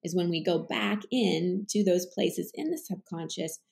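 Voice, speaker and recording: A woman coach talks through her ideas on a podcast in a conversational interview. Her voice has a noticeable vocal fry, and she explains earnestly, with frequent fillers and restarts. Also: fairly low pitch, unhurried, darkish tone. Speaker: life coach, podcast guest.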